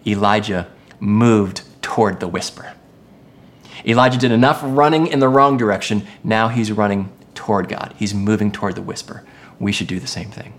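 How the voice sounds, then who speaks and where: A pastor preaching a sermon in an expressive way, moving between emphatic lines and hushed ones. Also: medium pitch.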